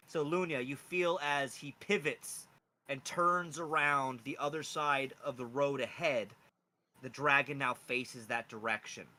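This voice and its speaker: Man, game master, casual rambling narration, very bright tone. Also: mid-range voice, slow pace. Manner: casual, rambling, many fillers.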